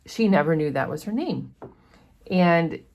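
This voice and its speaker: A woman's voice: fairly low pitch, lively intonation, unhurried, creaky, a little mellow. A woman hosting a casual book discussion, explaining a chapter in a chatty way with many fillers. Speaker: book study host.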